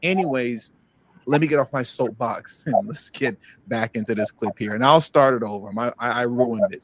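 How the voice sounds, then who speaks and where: A man's voice: mid-range voice, moderate pace, no echo. A man hosting a news commentary show, ranting heatedly and repeating himself for emphasis. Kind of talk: emotional commentary over played clips.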